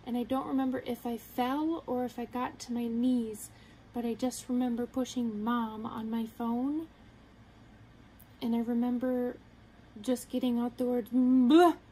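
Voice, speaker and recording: A young woman earnestly telling a personal story to the camera, halting and quoting her own thoughts. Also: a little high, dark tone, slight background noise, low-quality recording. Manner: earnest, halting, retelling with quoted inner thoughts. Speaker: vlogger.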